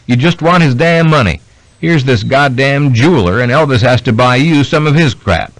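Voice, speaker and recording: A man's voice: mid-range voice, animated, normal speed, no room sound, close to an everyday voice, rough recording. A man voicing a drunk, abusive older woman who curses spitefully. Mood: drunken scorn. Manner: spiteful, cursing.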